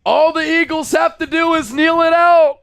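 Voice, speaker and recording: A man hosting a live sports stream, excitedly calling the game and reading out viewer donations between fan chants. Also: extremely high pitch, normal speed, creaky, no echo, soft background music. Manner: chanting and shouting fan cheers.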